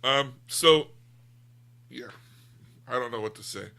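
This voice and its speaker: A man's voice: mid-range voice, unhurried, gravelly, bright, forceful tone. An American man chatting candidly on a book podcast, rambling a little and restarting his sentences. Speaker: book club podcast co-host. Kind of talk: casual chat.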